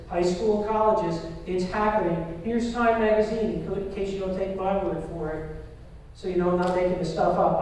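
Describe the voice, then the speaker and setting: A woman giving a lively parenting talk to a live audience, often asking the crowd questions. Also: medium pitch. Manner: engaging, asks the audience questions. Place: large echoey hall. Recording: echoey hall recorded from far off.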